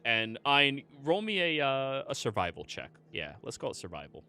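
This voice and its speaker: A man narrating a tabletop game as its game master, casual and quick to laugh. His voice is bright and sits at a middle pitch. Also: big pitch swings, clean tone. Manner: laughs often, casual and joking.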